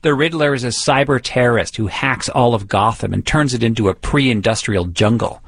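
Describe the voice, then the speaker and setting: Gravelly male interviewer. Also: medium pitch, normal speed, a bit bright, no room sound. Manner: curious, prompting. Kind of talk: interview questions. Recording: music playing underneath.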